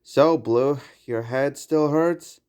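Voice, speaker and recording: A man's voice: medium pitch, slow pace, darkish tone, smooth, pitched above the performer's own voice, lightly acted. A man voicing a caring, anxious young female macaw in a fan-made audio story, fretting and soothing. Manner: fretful, soothing.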